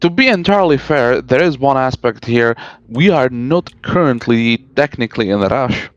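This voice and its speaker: A man reasoning calmly as a player in a tabletop game, speaking over a voice-chat microphone. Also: medium pitch, normal speed, no room sound. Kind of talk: casual tabletop role-play. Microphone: voice chat mic. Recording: dull, dry voice-chat audio.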